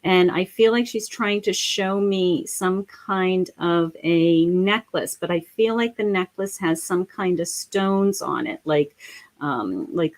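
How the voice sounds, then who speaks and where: A middle-aged woman with a fairly low-pitched voice talks softly through a live psychic reading. She sounds gentle and emotional, and often pauses on "um" as she goes. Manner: gentle, emotional, full of fillers. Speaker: psychic medium.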